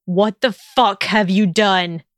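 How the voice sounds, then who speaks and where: A bitter young wizard, as a woman reads him, dropping her voice slightly lower and slowing each word into a growl. The timbre stays smooth, close and dry. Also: fairly even intonation, no echo, close to an everyday voice. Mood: hostile. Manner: low, slow, growling. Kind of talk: audiobook character voice.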